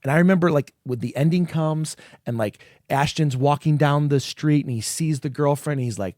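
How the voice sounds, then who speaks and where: A man's voice: a little high, brisk, few pauses, no room sound, studio quality. A man co-hosting a podcast in casual chat, swearing freely and acting out reactions as he talks. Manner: animated, swears freely, acts out quoted reactions. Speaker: podcast co-host.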